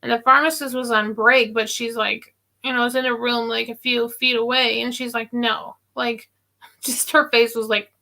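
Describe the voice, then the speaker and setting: A woman's voice: a little high, little pitch movement, moderate pace, gravelly, sharp tone. A woman pharmacy worker in a casual live-stream chat, rambling and giggly with many fillers.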